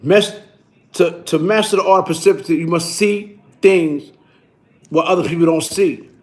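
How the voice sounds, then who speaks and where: High-voiced New man spinning a street story. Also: moderate pace. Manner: slang-heavy, repetitive, boastful. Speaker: vlogger telling a story.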